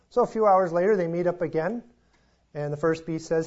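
A man preaching a sermon, opening with a joke and then explaining his text in a relaxed, conversational way. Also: a little high, fast. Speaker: pastor. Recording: muffled lo-fi sound.

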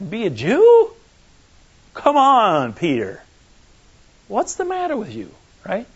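Male preacher, high-pitched and lively, emphatic teaching style, on a muffled lo-fi recording. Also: slow pace, breathy edge. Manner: animated, emphatic, checks in with the audience. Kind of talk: conversational sermon teaching.

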